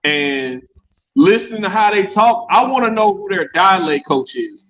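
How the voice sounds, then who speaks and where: A man with a high voice chats about TV shows on a podcast, swearing freely and restarting his sentences. The sound is muffled and lo-fi, with a faint hiss behind him. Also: moderate pace. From American South. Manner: animated, profane, stumbles on restarts. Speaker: podcast host. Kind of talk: casual chat. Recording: muffled lo-fi audio with faint noise.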